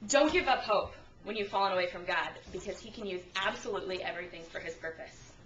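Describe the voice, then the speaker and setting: A young woman giving an informal sermon, telling Bible stories in a chatty, animated way and acting out the voices she quotes, recorded on a camcorder. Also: medium pitch, quick pace, dull audio. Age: young adult. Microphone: handheld camcorder at a distance. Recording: echoey room from a far camcorder.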